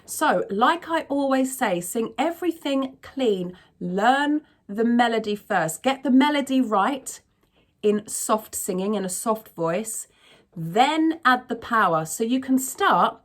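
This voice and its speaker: A woman's voice: fairly high pitch, animated, slow pace. A woman vocal coach explaining singing technique in a frank, chatty tutorial manner. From not from America.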